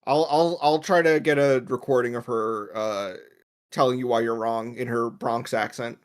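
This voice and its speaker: A man guesting on a podcast in casual chat, joking in a deadpan way. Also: medium pitch, moderate pace, smooth.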